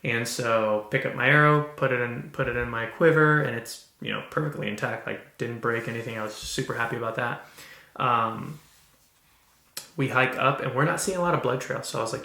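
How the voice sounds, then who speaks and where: Earnest gravelly-voiced man telling a story. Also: mid-range voice, bright, forceful tone, echoey room, slight background noise. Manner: earnest, halting, with restarts. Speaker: podcast host. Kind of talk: casual storytelling.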